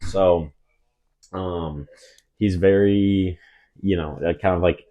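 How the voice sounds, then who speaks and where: A man's voice: sits low, fairly even intonation, slow, pauses often, phone-quality sound. A young man co-hosting a podcast, retelling a story in a loose, rambling way with lots of fillers and restarts. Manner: rambling, many fillers and restarts, drops into mock voices for quotes. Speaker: podcast co-host. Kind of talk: casual storytelling chat.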